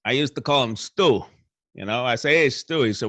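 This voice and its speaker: A man's voice: mid-range voice, animated, moderate pace, pushed and bright, no echo. A man with a Northeastern Pennsylvania accent, rambling through a profane comedic monologue in a hotel room. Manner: profane, meandering, restarts. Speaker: show host.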